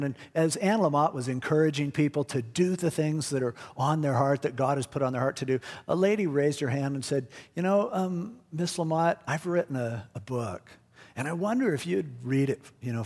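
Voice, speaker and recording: A man's voice: on the high side, a little mellow, husky, big-room sound. A male pastor giving a conversational, jokey sermon. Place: church.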